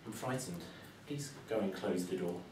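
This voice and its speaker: A man voicing a lonely, timid mother who speaks in a hushed, hesitant way, recorded from a distance in an echoey room. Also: medium pitch, sing-song, normal speed, a little hiss or hum, lightly acted. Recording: echoey room, mic far off.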